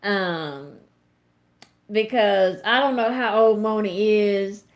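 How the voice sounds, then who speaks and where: Speaking slowly at a medium pitch, a thirtysomething woman delivers live commentary that's blunt, forceful and heavily profane. As the show's host, she chats casually and addresses her viewers directly.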